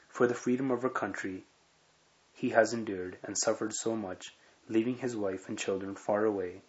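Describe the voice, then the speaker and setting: A man's voice: on the low side, lightly acted. A man reading the lines of an anxious, pleading wife in an urgent tone, in a memoir reading. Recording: dull lo-fi recording.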